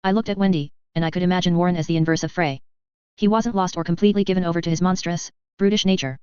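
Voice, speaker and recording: A woman reading a first-person audiobook narration at an even, measured pace. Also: lowish voice, smooth, dry recording, muffled recording.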